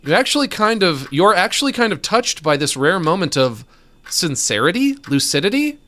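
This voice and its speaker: A man's voice: high voice, big pitch swings, normal speed, sharp tone. A young man giving casual, joking commentary while streaming a video game, rambling and looping silly bits. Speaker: let's-play streamer.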